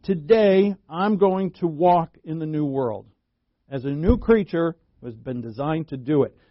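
A man's voice: fairly high pitch, animated, measured pace, no echo. A man preaching a sermon with emphatic bursts on key words and folksy asides. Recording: dull lo-fi dry recording.

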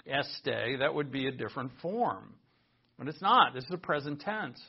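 A man preaching a sermon, explaining Greek words at a board in an animated teaching style and repeating phrases for emphasis. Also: medium pitch, normal speed, gravelly, slightly rough. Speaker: pastor. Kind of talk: sermon with Greek word study at a whiteboard. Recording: dull lo-fi recording.

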